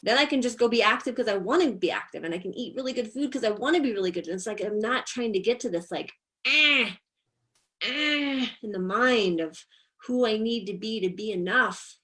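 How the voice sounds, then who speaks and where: A woman's voice: medium pitch, quick pace, poor audio. Middle-aged woman hosting a group chat, swears a lot, blunt and punchy, mid voice. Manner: blunt, profane and emphatic. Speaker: masterclass host. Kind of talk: casual group discussion.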